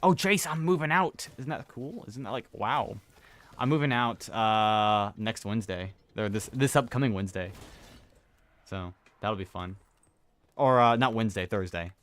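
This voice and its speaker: A man's voice: lowish voice, moderate pace, fairly bright tone. A young man chatting casually while playing a game, rambling and correcting himself as he tells stories. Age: young adult. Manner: rambling, self-correcting, chuckling storyteller. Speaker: gaming streamer. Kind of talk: casual chat while gaming.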